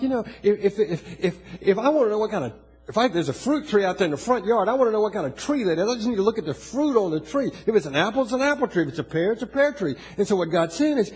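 A man preaching a sermon in a conversational, animated way, with many repeated restarts. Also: high-pitched, breathy edge, rough recording. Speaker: pastor.

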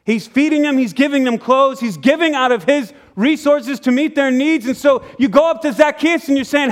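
A man's voice: extremely high pitch, moderate pace, few pauses. A man preaching a sermon in church, telling a story with acted-out dialogue and sudden drops to a near whisper. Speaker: pastor. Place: church sanctuary.

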